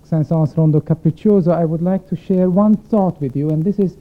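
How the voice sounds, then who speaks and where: A man's voice: a little high, brisk. A man who is a concert violinist, speaking to the audience before a piece in a reflective, explaining way and asking them questions. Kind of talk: spoken introduction at a concert. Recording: thin phone-like sound.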